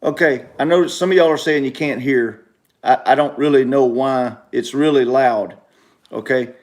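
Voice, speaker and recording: A man's voice: medium pitch, moderate pace. A man hosting a casual livestream show from home, repeating himself and speaking straight to his viewers. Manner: repetitive, emphatic, talks straight to viewers. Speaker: show host.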